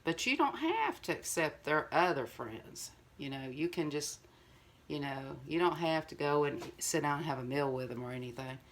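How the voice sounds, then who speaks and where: Older woman vlogger, lowish voice, rambling and earnest, speaking straight to viewers. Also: animated, moderate pace, a little hiss or hum. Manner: rambling, earnest, full of "you know". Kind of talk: casual heartfelt monologue to viewers.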